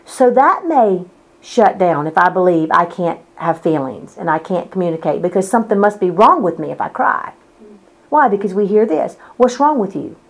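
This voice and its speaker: A woman's voice: on the low side, expressive, normal speed, gravelly, poor audio. A woman preaching a sermon, with emphatic, repetitive phrasing and rhetorical questions to the listeners. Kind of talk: sermon teaching.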